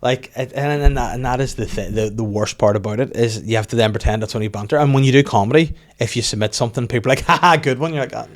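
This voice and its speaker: A man's voice: medium pitch, fast talker, few pauses, a little mellow. A man hosting a comedy podcast, rambling through stories with restarts and acted-out quotes in a casual chat.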